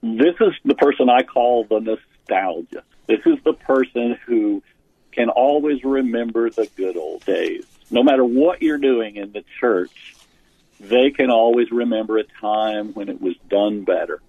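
A man's voice: medium pitch, measured pace, husky, no room sound. A man being interviewed as an author, earnestly explaining his points with frequent restarts. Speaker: author and pastor guest. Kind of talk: interview about church leadership. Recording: phone-line sound.

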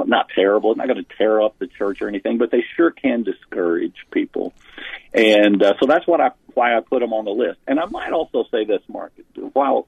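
Over phone-line audio with no echo, a man with a lowish, gravelly, husky voice is interviewed as an author and pastor about church leadership. He earnestly works through his points, frequently starting over.

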